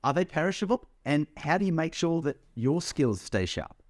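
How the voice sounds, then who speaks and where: A man's voice: a little high, very animated, normal speed, darkish tone, no room sound, clean studio sound. A man co-hosting an interview, asking curious, probing follow-up questions. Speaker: podcast co-host.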